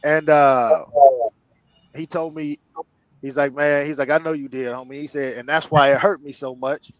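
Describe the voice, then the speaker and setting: Brief: male storyteller, higher voice, slangy and loose, dull dry lo-fi sound. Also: steady tone, moderate pace, dry recording. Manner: loose, slangy street storytelling with many fillers. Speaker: panel guest. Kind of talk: storytelling on an audio panel.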